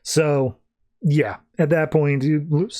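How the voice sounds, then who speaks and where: A man's voice: medium pitch, moderate pace, darkish tone. Casual man recapping comics. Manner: retells scenes loosely, quoting characters with "he's like". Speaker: podcast host.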